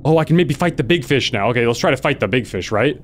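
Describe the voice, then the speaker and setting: A man casually commenting on his gameplay, excitable and sarcastic, jumping between low mutters and loud yelps. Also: fast, a little hiss or hum. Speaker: gaming video host. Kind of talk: casual let's-play commentary.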